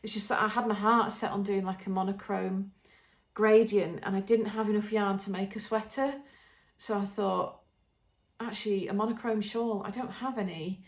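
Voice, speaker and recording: With a steady, mid-range voice at a moderate pace, an English woman presents her knitting on her podcast. The show-and-tell chat is casual and enthusiastic, full of ums and restarts, recorded with roomy echo.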